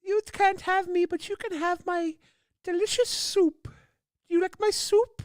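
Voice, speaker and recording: A man putting on a high French woman's voice, playing a flirty, teasing lady with mock-seductive lines. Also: fairly even intonation, measured pace, no echo, clean studio sound. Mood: teasing flirt. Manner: sultry, mock-seductive come-ons.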